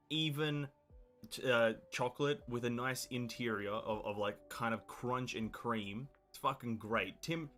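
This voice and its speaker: A man's voice: medium pitch, a bit bright. Blunt Australian man, casual streamer. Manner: blunt, profane, opinionated rambling. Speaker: game streamer. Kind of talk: casual live-stream chat.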